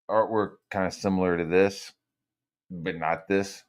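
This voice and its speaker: Low-voiced guy streaming, swearing a lot, rambles, goes from loud ranting to muttering. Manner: rambling, profane, swings between loud rants and mutters. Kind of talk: profane casual stream commentary.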